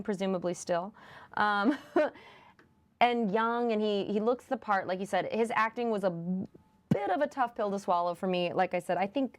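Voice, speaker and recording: A woman's voice: medium pitch, unhurried. A woman hosting a podcast, reviewing a movie in casual chat, chatty and laughing often. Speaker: podcast host.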